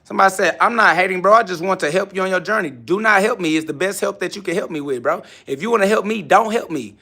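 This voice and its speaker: Brash gravelly-voiced man ranting on a live stream. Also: sits high, quick pace, pushed and bright. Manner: brash, boastful, repetitive. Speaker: livestream host. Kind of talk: confrontational live stream rant answering comments. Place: home garage gym.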